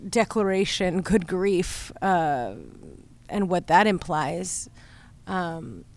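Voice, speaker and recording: A woman musician talking about her songwriting in an interview, thoughtful and hesitant with many pauses and fillers. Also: lowish voice, lively intonation, a little mellow. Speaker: musician guest. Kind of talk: conversational interview.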